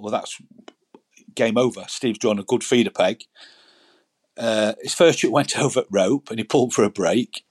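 A man's voice: mid-range voice, darkish tone, husky. A man, telling rambling stories as a guest in a casual chat, often repeating words. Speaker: guest angler.

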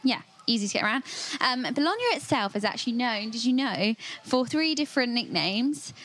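A woman's voice: on the high side, expressive, fairly quick, few pauses, a bit bright. A woman chatting as a podcast guest, talking in a chatty way with lots of fillers and giggles. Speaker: magazine web assistant, guest. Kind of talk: casual podcast chat.

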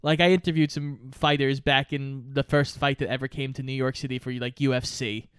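Male co-host, casual podcast chat, animated storyteller, acts out quotes, sweary, smooth clear voice, dry close sound. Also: medium pitch, brisk, no echo.

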